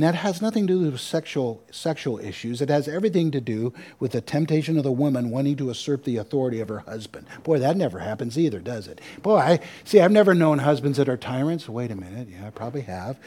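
Male pastor, mellow tone, animated sermon delivery with dry asides. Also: medium pitch, quick pace, few pauses. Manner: animated preaching with asides and repetition.

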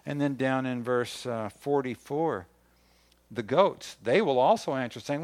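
A man's voice: medium pitch, unhurried. A man, a pastor, preaching a sermon and reading scripture aloud, rising in force on key points.

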